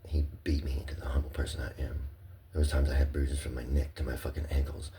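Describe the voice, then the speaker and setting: A man giving a rambling personal monologue. He is profane, repeats himself, and swings between hushed murmurs and loud, heated outbursts. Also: extremely low pitch, little pitch movement, quick pace, slight background noise. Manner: profane, repetitive and impassioned.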